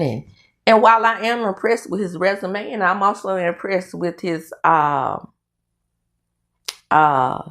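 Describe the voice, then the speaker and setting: Southern lady vlogger, low-ish voice, takes her time, lots of ums and restarts, talking around her aligners. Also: unhurried, long pauses. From Mississippi, US South. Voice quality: speaks through dental aligners. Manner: animated storytelling with frequent fillers and restarts. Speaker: commentary vlogger. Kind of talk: casual commentary.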